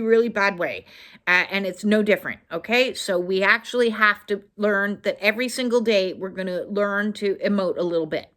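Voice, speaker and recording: A woman's voice: medium pitch, a bit bright. Earnest woman coaching on emotional healing. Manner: earnest and coaching, checks in with "okay?"; talks through inner dialogue, frequent "uh" fillers. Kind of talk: casual self-help teaching monologue.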